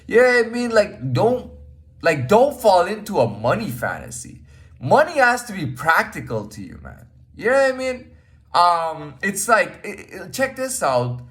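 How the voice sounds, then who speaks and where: A man's voice: sits high, wildly swooping pitch, a little slow, a bit bright. A man talking casually in a rambling monologue, full of fillers and restarts, blunt and swearing freely. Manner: rambling, repeats himself, frequent fillers and "man". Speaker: podcast host.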